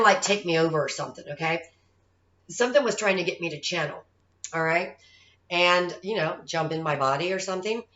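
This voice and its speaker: A woman's voice: lowish voice, fairly bright tone. Chatty middle-aged woman in an echoey room. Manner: conversational, keeps checking in with "all right?" and "okay?". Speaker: psychic medium. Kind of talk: personal storytelling monologue. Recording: slightly muffled, echoey room.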